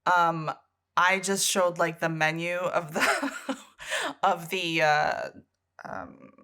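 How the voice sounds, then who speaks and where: A woman's voice: lowish voice, lively intonation, very slow, bright, forceful tone, clean tone. A Canadian woman co-hosting a podcast, telling a story in casual chat, laughing often and swearing freely. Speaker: podcast co-host.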